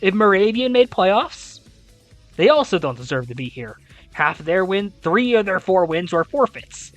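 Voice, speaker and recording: Young adult league recap host, very lively pitch swings, exasperated and incredulous, swears casually, faint music underneath. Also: a little slow. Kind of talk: esports league recap and playoff analysis.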